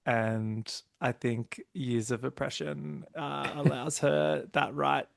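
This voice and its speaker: A man hosting a casual podcast chat, animated and laughing often as he acts out quotes in exaggerated voices. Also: mid-range voice, takes it slowly, gravelly, dry recording, studio quality. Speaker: podcast host.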